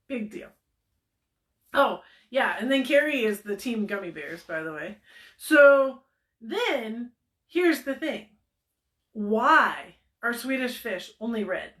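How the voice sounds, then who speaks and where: A woman's voice: mid-range voice, a bit bright. A woman hosting a casual livestream chat with a bubbly, laughing, rambling storytelling manner. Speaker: host. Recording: echoey room.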